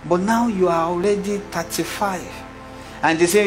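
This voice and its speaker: A man's voice: high voice, fairly quick, faint music behind. A middle-aged man preaching a sermon, questioning his congregation and acting out little scenes. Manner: animated preacher, asks the congregation questions, acts out voices. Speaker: pastor.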